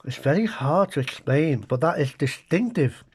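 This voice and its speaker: A man's voice: fairly high pitch, expressive, normal speed, breathy edge. A middle-aged man from Britain chatting casually to camera while taste-testing food, with wry, muttered asides to his viewers. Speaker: food vlogger. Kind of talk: casual comic taste-test chat to camera.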